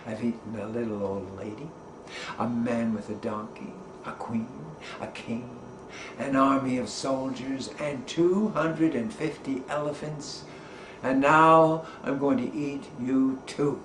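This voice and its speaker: Man as a smug, boastful storybook cat; slow gloating delivery, echoey room. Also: medium pitch, natural voice. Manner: bragging, gloating listing. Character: boastful greedy male cat who eats everything. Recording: roomy echo, faint background noise.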